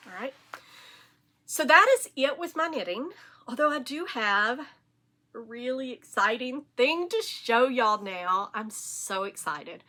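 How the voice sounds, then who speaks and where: Southern woman, podcast host, enthusiastic rambler, bright tone. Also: fairly high pitch. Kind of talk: casual chat.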